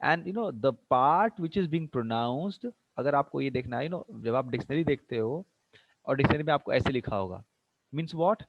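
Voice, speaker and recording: A man's voice: medium pitch, expressive, rapid-fire, dry recording, muffled recording. A man with an Indian English accent teaching an English class online. He asks many questions, repeats himself, and mixes in Hindi phrases.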